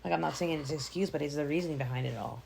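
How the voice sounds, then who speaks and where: A woman's voice: sits low, rapid-fire, vocal fry, slight background noise. A woman in her thirties co-hosting a podcast, chatting casually and acting out the people in her stories. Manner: animated storyteller who acts out quoted voices. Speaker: podcast co-host. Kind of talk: casual chat.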